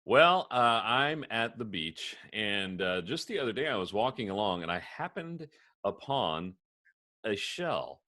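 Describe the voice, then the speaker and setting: A man on a video call, improvising a story slowly with halting pauses. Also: fairly low pitch, sing-song, sharp tone. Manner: slow, halting, drawn-out delivery. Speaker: radio show host.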